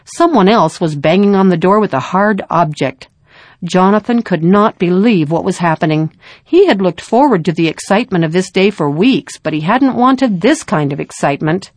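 Lower-voiced woman narrating a story. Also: expressive, moderate pace, darkish tone, no echo.

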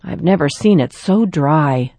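A woman's voice: sits low, animated, measured pace, dry recording, full character voice. Woman voicing a kind, weary pioneer father. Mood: reverent. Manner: gentle, reverent.

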